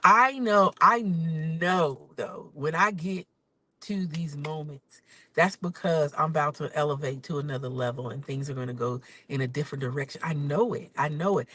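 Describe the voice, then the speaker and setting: A woman podcaster and rideshare driver venting in a casual live vlog from her car, swinging from low mutters to loud exclamations. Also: moderate pace, dry recording, rough recording. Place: in a car on city streets.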